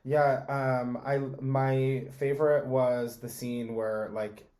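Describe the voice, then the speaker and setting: A man co-hosting a podcast, recapping a TV drama in relaxed chat, chiming in and laughing along. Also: mid-range voice, takes it slowly. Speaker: podcast co-host.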